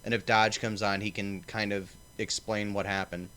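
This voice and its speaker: Male livestream host, smooth voice, profane, rambling, lots of ums. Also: lowish voice, little pitch movement, normal speed, a bit bright. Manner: profane, rambling, filler-heavy. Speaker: stream host. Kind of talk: casual livestream chat.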